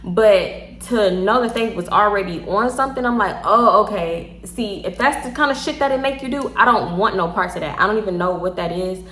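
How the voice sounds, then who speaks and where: A woman's voice: mid-range voice, brisk, few pauses. A young woman with a Houston accent, a little tipsy, telling a story casually and acting out the quotes, with frequent laughs and swearing. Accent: Southern US, Houston. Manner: animated, laughs often, swears freely, acts out quotes. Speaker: storytime vlogger. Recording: echoey room.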